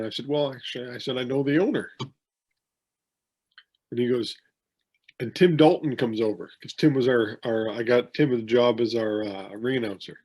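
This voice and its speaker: A podcast co-host who promotes wrestling speaks in a mid-range, darkish voice with a breathy edge. He spins meandering anecdotes in relaxed conversation, restarting often and leaning on fillers.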